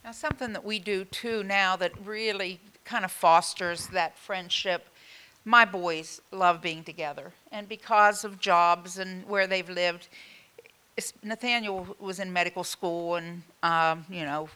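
A woman's voice: lowish voice, steady tone, measured pace, bright, forceful tone, clear, resonant tone. A middle-aged woman on a parenting panel, talking in an upbeat, matter-of-fact way about her family. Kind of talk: casual panel chat.

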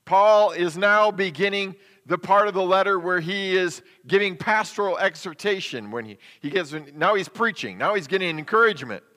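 A man's voice: sits high, normal speed, hardly any pauses, pushed and bright. A man preaching a sermon as a pastor, in a conversational style with rhetorical questions. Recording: long hall reverb.

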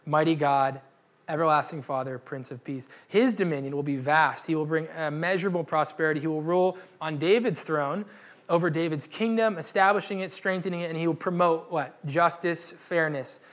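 A young man preaches at a church gathering in a loose, joking way. His voice sits a little high and comes across bright and forceful. He keeps slipping into quoted voices and slangy asides. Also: moderate pace. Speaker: pastor. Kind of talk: casual, humorous sermon.

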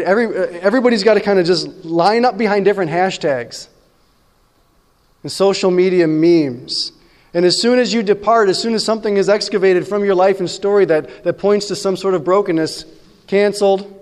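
Man, pastor, high voice, conversational sermon, long hall reverb. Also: a little mellow. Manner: conversational preaching with frequent "right?" asides.

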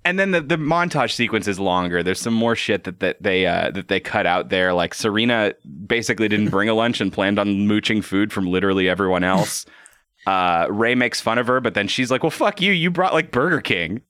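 A man co-hosting a casual podcast, an animated storyteller who stammers and laughs often. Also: on the low side, fairly quick, clean tone, dry recording. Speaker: podcast co-host.

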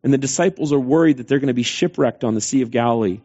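A man's voice: medium pitch, fast talker, warm tone, slightly rough, dull audio. A man preaching a sermon, retelling scripture in a conversational way with quoted dialogue. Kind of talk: sermon storytelling.

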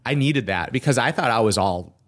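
A man's voice: mid-range voice, brisk. A man, an entrepreneur, telling a story in an interview and acting out the dialogue of the people in it. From Minnesota. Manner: lively storyteller who acts out quoted dialogue. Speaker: guest entrepreneur.

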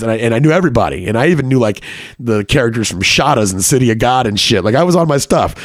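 A man's voice: mid-range voice, lively intonation, fast, no echo, studio quality. A man telling a personal story casually, with lots of swearing and filler words.

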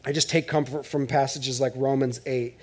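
A male pastor preaching a sermon in church in a conversational, joking way, swinging between loud bursts and hushed asides. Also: medium pitch, fairly even intonation, normal speed.

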